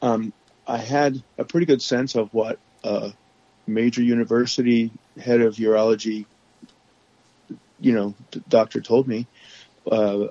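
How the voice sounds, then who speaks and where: A man guest telling his story candidly on a podcast, halting often with restarts and fillers, over remote call audio. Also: on the low side, warm tone, no room sound, muffled recording.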